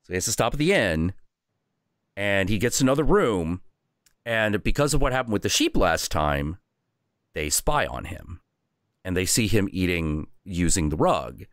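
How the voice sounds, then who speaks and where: A man hosting a stream, telling a folk tale in a casual, crude, animated way. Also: deep voice, moderate pace, dry recording, studio quality. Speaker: streamer host.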